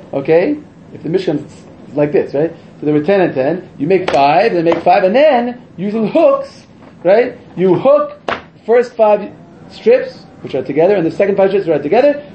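A high, mellow-toned man teaches a Torah class, his voice leaping up and down as he fires rhetorical questions and keeps correcting himself. The recording is slightly dull, with a faint hiss behind him. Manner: excitable, rhetorical questions, frequent self-corrections. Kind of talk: animated classroom Torah lesson.

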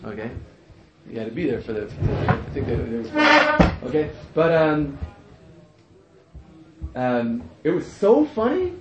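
A man's voice: medium pitch, wildly swooping pitch, a little slow, long pauses. A man teaching a class in a humorous lecture, repeating phrases and chuckling at his own jokes. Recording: echoey room, muffled, faint hiss.

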